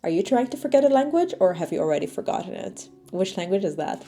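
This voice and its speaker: Mellow-voiced woman vlogger, light music behind. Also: mid-range voice, fast. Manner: chatty, storytelling, lively. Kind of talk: casual talking-to-camera vlog.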